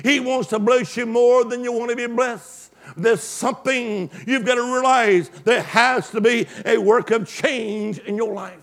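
A male preacher delivering an emphatic call-and-response sermon, swinging from loud exclamations to hushed asides. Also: very high-pitched, fairly even intonation, measured pace, hardly any pauses.

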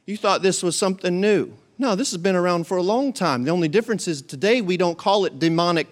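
A man preaching a sermon, reading scripture aloud and explaining it in a casual, animated way with jokes and asides to the congregation. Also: fairly high pitch. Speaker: pastor.

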